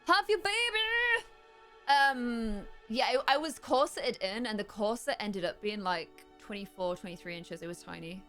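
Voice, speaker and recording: A young woman chatting casually while playing a game, rambling with fillers and breaking into high excited squeals. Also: moderate pace, few pauses. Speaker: gameplay streamer. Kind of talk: casual chat over gameplay. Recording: faint music in background.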